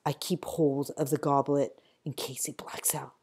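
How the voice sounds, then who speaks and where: A woman reading a first-person storybook in a measured voice that sinks quietly at grim moments. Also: low voice, flat delivery, slightly rough. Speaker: audiobook reader.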